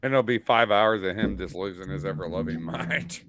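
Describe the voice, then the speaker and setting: A man's voice: deep voice, moderate pace, background noise. A man chatting casually on a live stream, joking, teasing and rambling. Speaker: stream guest. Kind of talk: casual chat.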